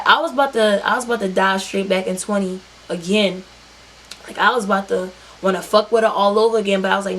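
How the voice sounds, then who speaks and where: A woman telling a story in a casual vlog, animated and profane, acting out her own lines and other people's. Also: medium pitch, fast, slight background noise, poor audio. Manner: animated, profane, quotes herself and others in dialogue. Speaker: vlogger.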